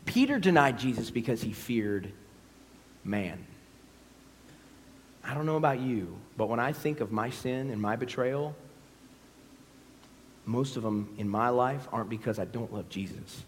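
Man, pastor, sermon, animated acted-out story, mid pitch, church hall echo. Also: a little slow, pauses often, slight background noise. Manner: animated, acts out scenes in voices. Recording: long hall reverb.

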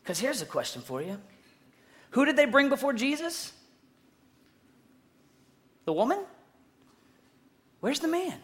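A preacher telling a story in an energetic sermon, swinging between loud bursts and hushed asides and asking the listeners questions. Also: high-pitched, a little slow, long pauses.

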